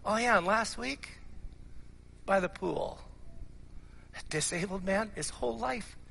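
A preacher putting on a rambling, pleading disciple. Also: male voice, sits high, animated, measured pace, creaky, pushed and bright, long reverb tail, slight background noise, heavily acted. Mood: reminding. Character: hesitant male disciple answering his teacher.

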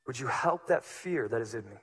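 A man preaching a sermon as pastor, moving between hushed, low passages and loud, emphatic ones. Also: expressive, brisk, breathy edge.

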